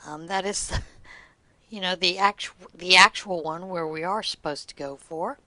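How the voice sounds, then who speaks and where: A middle-aged woman hosts her craft vlog with chatty, good-humored anecdotes that are full of small laughs. Her voice sits on the low side yet sounds bright and forward. The recording is close and dry. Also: measured pace, no room sound. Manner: chatty, laughs often while telling stories. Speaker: knitting podcast host. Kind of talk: casual storytelling vlog.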